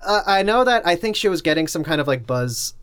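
A man's voice: on the high side, expressive, a little fast, fairly bright tone, smooth. A man co-hosting a casual podcast chat, talking in a rambling way full of "like" and "uh". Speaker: podcast co-host.

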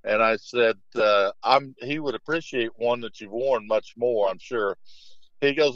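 A man's voice: medium pitch, moderate pace, no echo. Rambling middle-aged man coach, dull lo-fi sound. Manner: rambling, lots of "you know" and restarts; lively when quoting others in anecdotes. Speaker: basketball coach, guest. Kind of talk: casual interview storytelling.

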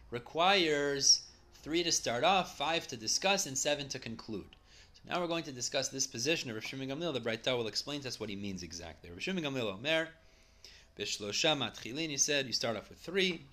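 A man teaching a Talmud lesson at a medium pitch, laying out the argument one step at a time. He reads each Aramaic phrase and then translates it into plain English. His delivery is conversational, with small self-corrections along the way. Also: sharp tone. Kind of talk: Talmud study lecture.

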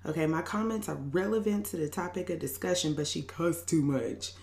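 A woman's voice: low-pitched, fairly quick, a little mellow, echoey room. A young adult woman hosting a podcast in a casual, sassy venting monologue, laughing often and cussing freely. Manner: sassy, laughing, profane asides. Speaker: podcast host.

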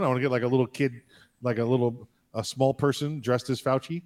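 A man co-hosting a podcast, rambling and joking deadpan in casual chat. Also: mid-range voice, fairly quick. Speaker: podcast co-host.

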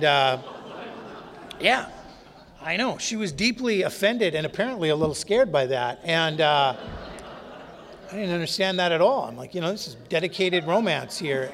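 A man's voice: a little high, creaky, fairly bright tone. A man telling his recovery story in a wry, candid, self-mocking way. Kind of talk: humorous personal storytelling talk. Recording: long reverb of a hall.

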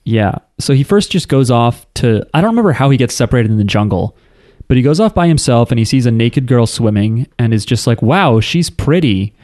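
A man's voice: medium pitch, lively intonation, a little fast, mellow, no echo, studio quality. A man co-hosting a casual podcast, recapping an anime with crude jokes and acted-out quotes. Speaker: podcast co-host.

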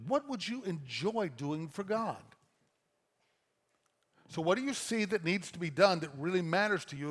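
A man preaching a sermon as pastor, conversational and animated, telling stories and acting out little quoted lines. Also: a little high.

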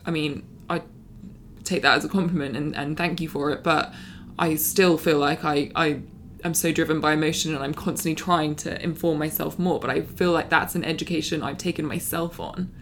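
Young woman, podcast host; candid, emphatic, slightly low voice, casual chat. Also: fairly even intonation, normal speed, a bit bright, slight background noise. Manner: frank, emphatic, reflective. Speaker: podcast host interviewing her mother. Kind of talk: casual conversation.

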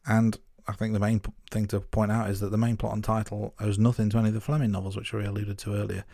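Husky, gravelly male podcast co-host. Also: fairly low pitch, level tone, quick pace, dark tone, no room sound, studio quality. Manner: self-deprecating, laughs at himself, stumbling restarts. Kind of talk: casual film chat.

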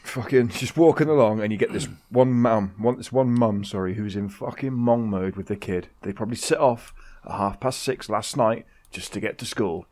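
A man's voice: lowish voice, moderate pace, hardly any pauses, darkish tone. A man co-hosting a podcast, ranting in casual banter with heavy swearing. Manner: grumbling rant, heavy swearing. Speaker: podcast co-host.

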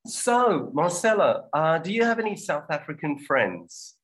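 A man's voice: fairly high pitch, very animated, measured pace, fairly bright tone, poor audio. A man hosting an English lesson, introducing clips and bantering with a co-host in a chatty, teasing way.

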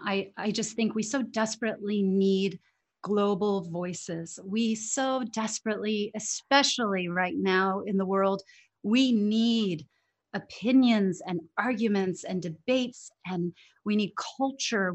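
A woman who coaches English learners, speaking earnestly and emphatically in an interview, often laughing. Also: medium pitch. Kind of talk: conversational interview.

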